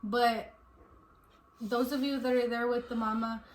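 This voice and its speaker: A woman's voice: a little high, unhurried. A woman in her twenties, a vlogger and new mother, chatting casually and telling a story with lots of laughter. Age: 20s. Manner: animated storytelling, laughs often. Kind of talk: casual chat. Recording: echoey room with faint noise.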